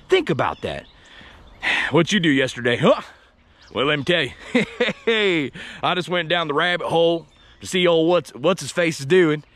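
Brief: male vlogger, rambling and playful, very lively up-and-down pitch, outdoors. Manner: joking, chatty, talks to viewers nonstop. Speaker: paranormal explorer vlogger. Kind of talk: rambling solo commentary. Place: outdoor wooded trail.

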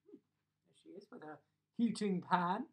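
Middle-aged man, bedtime storyteller, animated, chuckles, from a distance. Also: sits high, normal speed. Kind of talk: reading a children's bedtime story live. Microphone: phone or laptop on a live video stream.

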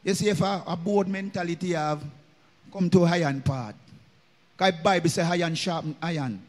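A man's voice: sits high, normal speed, in a large hall. A man with a Jamaican accent preaching a sermon in a church, slipping into patois and chanting his lines in a sung cadence. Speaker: minister.

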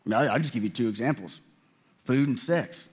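A man's voice: medium pitch, brisk, breathy edge. A man pastor giving a conversational sermon, often restarting his sentences and acting out what God and people say. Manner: conversational preaching with many restarts and voiced quotes.

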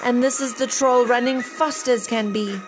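A woman reading a children's picture book aloud, with measured, expressive storytelling. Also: fairly high pitch. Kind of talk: children's read-aloud narration. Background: music.

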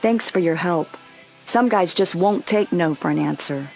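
A woman's voice: lowish voice, normal speed, vocal fry, a little mellow, soft background music. An actress voicing a scornful female wrestler in a video game, brushing a man off in a curt, dismissive way.

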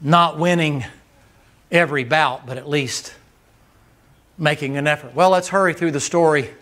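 A man's voice: a little high, moderate pace, fairly bright tone. A man preaching a sermon in a folksy, storytelling manner. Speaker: guest preacher.

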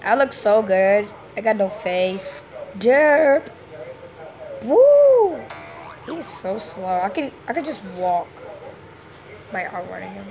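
A woman giving casual, excitable gameplay commentary, full of playful hums and sing-song noises. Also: mid-range voice, a little slow, gravelly, dull audio, crowd noise. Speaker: gameplay streamer.

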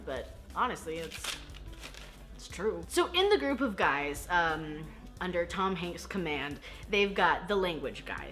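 A woman's voice: sits low, fairly bright tone. A young woman casually recapping a film she just watched, chatty and self-deprecating, often giggling and acting out lines. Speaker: film reaction host. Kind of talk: casual movie recap chat.

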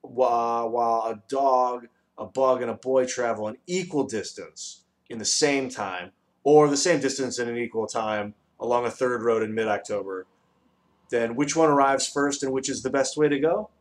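A man voicing a pedantic, number-obsessed male dodecahedron in a storybook reading, lecturing precisely and bursting into shouts. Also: medium pitch, moderate pace, close to an everyday voice. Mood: excitable, lecturing.

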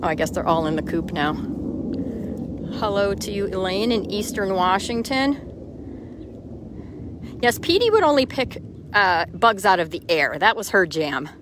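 A woman's voice: medium pitch, very animated, unhurried, long pauses, background noise. A chatty woman hosts a casual live stream outside in her chicken yard. She greets viewers by name, answers their questions, and talks into a phone she holds as she walks around. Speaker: host.

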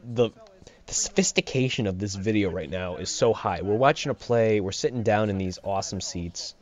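In this casual gameplay video, a young host rambles, cracks jokes and laughs frequently. His voice is fairly low and his pace moderate, recorded on a slightly dull home mic with game music audible.

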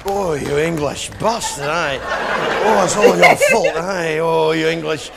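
A man voicing a Scottish man who groans his words in breathy, drawn-out sighs. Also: a little high, animated, a loud crowd, heavy background noise. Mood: blissful. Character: moaning breathless Scotsman in bliss. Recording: live stage with loud audience.

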